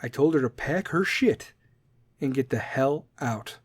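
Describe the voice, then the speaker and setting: A man voicing a heartbroken male bar patron in a joke, speaking low and glum. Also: expressive, unhurried, husky, no echo.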